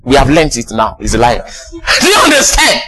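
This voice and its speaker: A man preaching a sermon, exuberant, often laughing and shouting praise and calling out to the congregation. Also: mid-range voice, huge pitch swings, normal speed.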